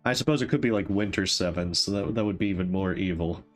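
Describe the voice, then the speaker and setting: Guy streaming a game, lowish voice, jokey, talks to the villagers, soft game music under it. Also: fast talker. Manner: playful, chats to game characters. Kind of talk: casual gameplay commentary. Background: faint game music.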